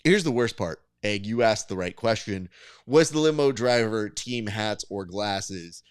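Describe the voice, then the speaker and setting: Smooth-voiced man telling a story. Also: fairly low pitch, measured pace, no echo, studio quality. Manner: animated storytelling, acts out quotes. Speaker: podcast co-host. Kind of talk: casual chat.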